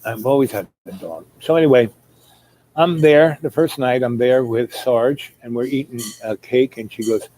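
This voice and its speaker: A man's voice: medium pitch, normal speed, dark tone, a little hiss or hum, low-quality recording. A man telling a long rambling story, full of fillers, who acts out the people he quotes. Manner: meandering, many fillers, acts out quoted voices.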